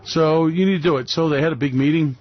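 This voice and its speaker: A brash male radio host rants through his market commentary with a fairly high voice and a sarcastic edge. The sound is dry and a little dull, like a lo-fi studio feed. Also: fast talker, no room sound. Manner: loud, sarcastic, mocking put-on voices. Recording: dry, slightly dull lo-fi recording.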